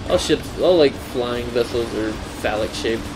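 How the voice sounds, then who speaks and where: A man's voice: mid-range voice, unhurried, music in the background, rough recording. A young man casually commentating a video game with a friend, joking and laughing often. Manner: joking, laughs often, trails off mid-sentence. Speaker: gameplay commentator. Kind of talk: casual let's-play banter.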